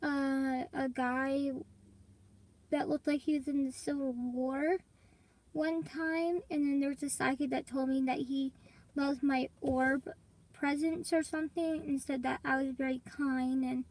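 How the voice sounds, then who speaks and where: A woman's voice: sits high, fairly even intonation, a little slow, darkish tone, rough recording. A young woman vlogging in casual, rambling chat to her viewers, coughing and congested from allergies. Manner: rambling, chatty, addresses viewers as y'all.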